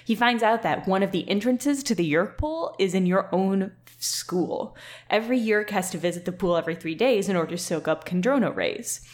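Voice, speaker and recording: A woman co-hosts a podcast, trading dry jokes and giggles with her partner. When she takes over the reading, she narrates in a relaxed, conversational way. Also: medium pitch. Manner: joking, giggly commentary. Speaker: podcast co-host. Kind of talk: casual banter and read-aloud.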